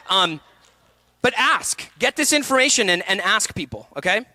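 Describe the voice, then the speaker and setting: A man in his thirties giving an energetic acting workshop talk, jumping into quick voices and asides as he goes. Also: sits high, no room sound. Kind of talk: conference talk.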